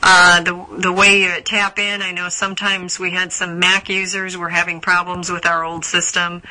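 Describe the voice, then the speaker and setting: A woman with a very bright, forward voice hosts a live coaching call for members. She talks in a loose, chatty way, full of "uh" and "um" and restarts as she works through listener questions. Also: fairly low pitch, level tone, moderate pace, rough recording. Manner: chatty, many fillers and restarts.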